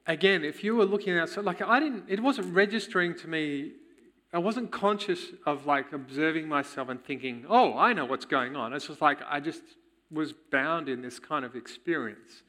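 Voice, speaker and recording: Male church speaker, candid testimony, forceful bright tone. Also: fairly high pitch. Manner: candid, storytelling, quick chuckles. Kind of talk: personal testimony in a sermon.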